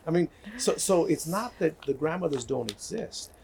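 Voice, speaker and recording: An older man appears as a guest to talk about healing and community, his voice on the high side, gravelly and a little mellow, with lively intonation at a moderate pace and slight background noise. He tells stories earnestly in a conversational way, repeating words and often asking "right?"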